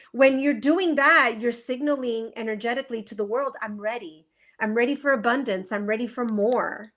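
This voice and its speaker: A woman who practices feng shui, explaining in earnest on a live video call, with many fillers and rhetorical questions. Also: on the high side. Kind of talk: conversational interview.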